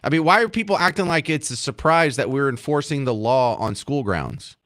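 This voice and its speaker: A man's voice: mid-range voice, expressive, moderate pace, fairly bright tone. A man hosting a talk radio show, firing off sarcastic rhetorical questions at a guest and listeners. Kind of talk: conservative talk radio chat.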